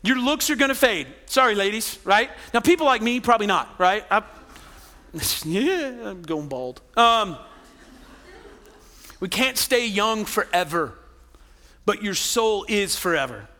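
High bright-voiced preacher in a hall. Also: male voice, animated, a little slow. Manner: conversational, joking asides, tag questions. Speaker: pastor. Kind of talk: sermon. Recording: long hall reverb.

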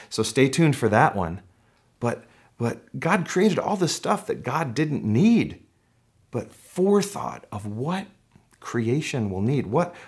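A male pastor delivering a Sunday sermon at a mid-range pitch. He talks conversationally with fillers and restarts and slows down for scripture readings. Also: husky.

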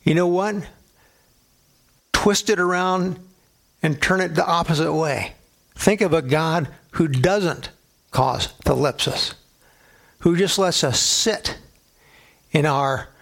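A man's voice: fairly high pitch, a bit bright. A man preaching a sermon as a pastor, emphatic, asking the listeners rhetorical questions and answering them.

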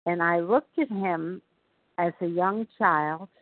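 A woman in her seventies with a New York accent, telling her recovery story in an earnest, measured way. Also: fairly low pitch, no echo. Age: 70s. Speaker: recovery meeting speaker. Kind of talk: personal testimony. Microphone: phone. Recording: tinny phone line.

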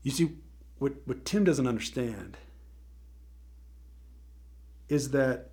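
Man, mid-range voice, casual motivational speaker, animated and laugh-prone storyteller. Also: medium pitch, a little slow. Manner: animated storyteller, laughs often, repeats words.

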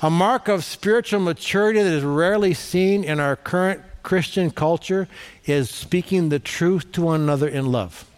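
A middle-aged male pastor preaching a sermon in a conversational, animated storytelling manner. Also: a little high, normal speed.

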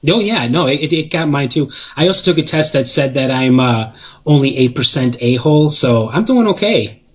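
A man's voice: mid-range voice, lively intonation, moderate pace, slightly rough, highs cut off. A man with a Chicago Midwestern accent, a guest on a radio show, joking around and laughing easily. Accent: Midwestern American, Chicago. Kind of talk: casual radio banter.

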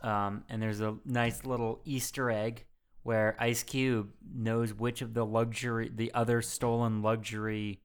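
A man's voice: mid-range voice, a little slow, smooth. A man co-hosting a casual movie podcast, retelling the plot with lots of swearing and laughter. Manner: animated, swearing, laughs often. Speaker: podcast co-host.

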